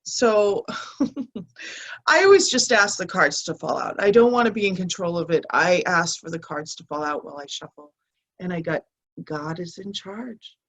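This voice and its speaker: A woman coach giving a heartfelt spiritual talk, reading aloud from angel cards with soft, emotional pauses and restarts. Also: fairly low pitch, lively intonation. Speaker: mind health coach.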